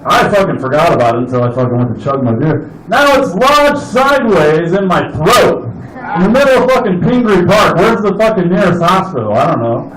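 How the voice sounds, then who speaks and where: A man's voice: a little high, sing-song, fast, hardly any pauses, echoey room, crowd noise, low-quality recording. A man doing open mic stand-up, telling a rambling, profane camping story. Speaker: stand-up comedian.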